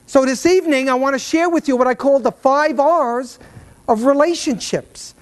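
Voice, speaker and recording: Man, high voice, motivational speaker, stage talk, stammering storyteller. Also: moderate pace. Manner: animated storyteller with repeated stammers. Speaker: keynote speaker. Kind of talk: motivational talk to a live audience. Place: event stage.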